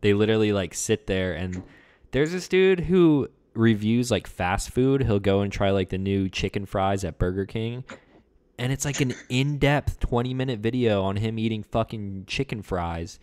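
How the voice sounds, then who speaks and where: A young man chatting on a casual podcast with a low, smooth voice. He is relaxed and jokey and lets his sentences trail off softly. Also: normal speed. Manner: laid-back, joking, trails off quietly. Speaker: podcast co-host.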